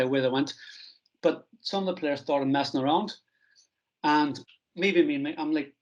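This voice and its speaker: A middle-aged man from Northern Ireland, a strength coach telling stories from his career in a relaxed, self-deprecating interview. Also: on the high side, a little slow, dull audio. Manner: anecdotal, self-deprecating, acts out quoted dialogue.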